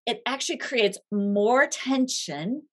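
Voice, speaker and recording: A woman guest author in a faith-based conversation, explaining ideas thoughtfully with emphatic rises in pitch. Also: expressive, slow.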